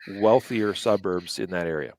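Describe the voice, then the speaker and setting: A man's voice: sits low, normal speed, a little mellow, a little hiss or hum. A man co-hosting a casual news commentary, thinking aloud with many fillers and hesitations. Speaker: co-host.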